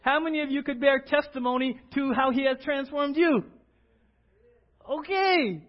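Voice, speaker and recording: A male pastor preaching a sermon in a church, acting out little scenes and swinging from loud to quiet. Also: normal speed. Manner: animated, acts out little scenes with big swings in pitch and loudness. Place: church sanctuary. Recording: dull lo-fi church audio.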